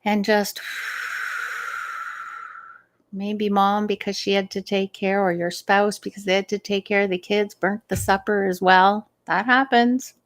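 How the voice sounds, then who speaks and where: Her voice mid-range and her intonation fairly even, a middle-aged woman coaches on stress management in a live advice talk. She is gentle and unhurried, laughing readily.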